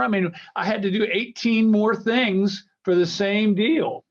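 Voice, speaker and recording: A man's voice: high voice, measured pace. An American man in his sixties talks in loose, joking asides that wander and restart. He is a guest on a casual interview over a video call. The call audio is dull and lo-fi. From United States. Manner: jokey, rambling, self-interrupting. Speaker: guitar company founder, guest.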